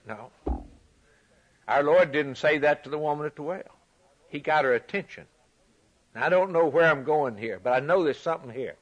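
A man preaching a sermon, emphatic and repetitive, rising loud for scripture and dropping quiet for key points. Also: on the high side. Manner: emphatic, repeats phrases, swings from loud to quiet; reads scripture aloud in a raised voice.

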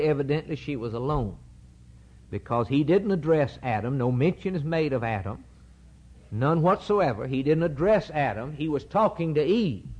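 A man's voice: on the high side, darkish tone. A man preaching a sermon that explains Scripture, emphatic and repetitive, firing rhetorical questions. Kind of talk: sermon, Bible exposition. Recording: dull lo-fi recording.

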